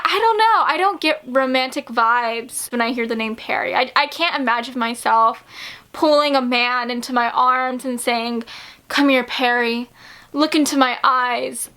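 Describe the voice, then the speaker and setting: A woman vlogger talks casually about books she loves, gushing and giggling as she goes. Her voice sits high and sounds bright and sharp. She often stumbles over fillers and restarts as she gets excited. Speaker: book vlogger. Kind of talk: casual chat to camera.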